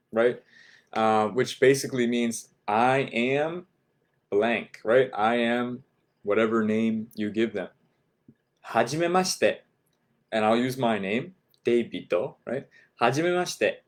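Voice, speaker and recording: Slow, patient man teaching a language class. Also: mid-range voice. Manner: patient, repeats phrases slowly and spells them out; says "right?" after nearly every point. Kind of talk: teaching a beginner language lesson.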